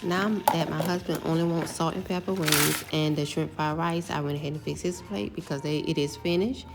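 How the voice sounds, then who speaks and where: Low gravelly woman explaining her cooking. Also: a little fast, over music. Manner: relaxed, step-by-step explaining with fillers. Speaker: home cooking vlogger. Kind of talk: casual cooking voice-over.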